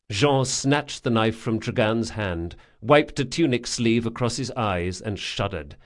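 Guy narrating an audiobook, steady dramatic reading, mid voice. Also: mid-range voice. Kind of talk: scripted fantasy narration.

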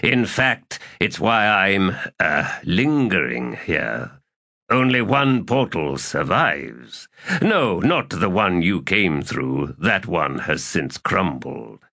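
A man voicing a cruel, mocking male figure with a slow, sneering delivery. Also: low voice, sing-song, creaky, bright, forceful tone, heavily acted.

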